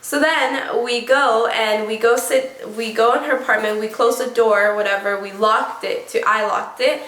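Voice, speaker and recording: A young woman vlogger telling a story casually and excitably, full of "like" and "oh my gosh". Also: on the high side, normal speed. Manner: excitable, many fillers like "like" and "oh my gosh". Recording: echoey room.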